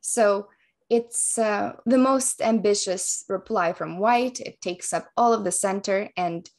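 A woman coach walks through a chess opening at an even, methodical pace. Her voice sits in a middle range, neither high nor low. She explains each move patiently to the viewers. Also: takes it slowly. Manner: calm, methodical explanation of moves.

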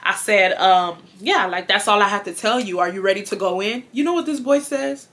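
A woman, telling a storytime to her viewers in an animated, laugh-filled way, swearing freely. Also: mid-range voice, fairly quick. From Houston, Texas. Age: 20s. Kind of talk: casual storytime.

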